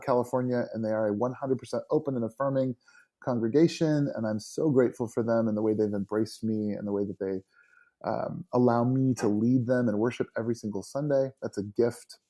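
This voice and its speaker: A man speaking as a podcast guest and worship leader, talking earnestly and casually about connecting with people. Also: medium pitch. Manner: earnest, warm about his community. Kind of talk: casual interview chat.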